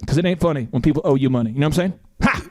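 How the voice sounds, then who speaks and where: A man from Oklahoma hosts a business podcast, talking at a rapid clip in a high, bright register. He fires off hyped bursts and playful shouts. The studio sound is dry and close. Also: no room sound. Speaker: podcast host, business coach. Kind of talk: energetic podcast banter.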